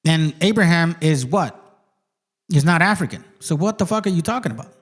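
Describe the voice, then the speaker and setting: Brief: profane, swaggering male host, higher-pitched voice, arguing hard on a stream and reading text aloud. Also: expressive, a little fast. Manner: claims he talks like this without getting mad. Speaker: channel host. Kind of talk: heated livestream argument, reading passages aloud.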